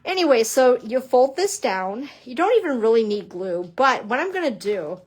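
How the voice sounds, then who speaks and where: A middle-aged woman with a slightly high voice runs a live papercraft demo from her craft table. She chats in a bubbly way, pokes fun at herself and greets viewers as she works. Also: sing-song, moderate pace, slightly rough. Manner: chatty, bubbly, self-teasing, talks to viewers. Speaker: papercrafting instructor. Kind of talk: live-streamed craft demonstration.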